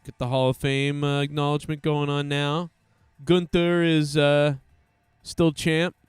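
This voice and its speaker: A man's voice: fairly high pitch, little pitch movement, a little slow, clean tone, no echo, soft background music. A man hosting a live stream, giving casual commentary to his chat in a crude, joking, rambling way.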